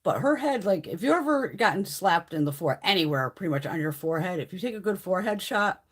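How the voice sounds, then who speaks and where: A middle-aged woman chats on her livestream, swearing freely as she tells stories. Her voice is husky and her pitch swings widely as she talks. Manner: profane, animated storytelling. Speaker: beauty livestream host. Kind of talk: casual livestream chat.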